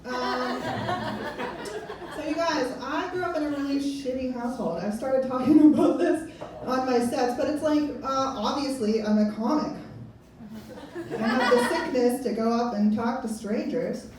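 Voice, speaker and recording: A woman's voice: high voice, a little slow, very noisy. A woman in her thirties doing a stand-up comedy set, rambling and self-mocking, laughing at her own jokes. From Pennsylvania. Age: 30s. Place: comedy club. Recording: echoey club recording from far off.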